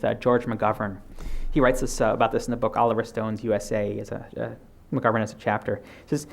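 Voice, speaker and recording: A man's voice: medium pitch, creaky, a little mellow. Lecturing man with many fillers. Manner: reads out quotes, many fillers and restarts. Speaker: keynote speaker. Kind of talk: academic lecture. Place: lecture hall.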